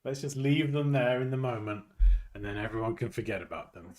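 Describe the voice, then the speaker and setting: A man hosting a casual design livestream, joking and bantering. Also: brisk. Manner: playful, jokey banter with lively pitch swings. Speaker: livestream host.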